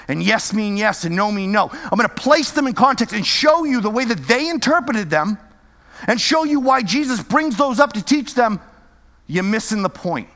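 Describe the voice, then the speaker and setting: Man, high voice, lively sermon teaching, checks in with listeners, long reverberant hall. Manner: lively, keeps checking in with listeners with "right?" and "okay?". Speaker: Bible teacher.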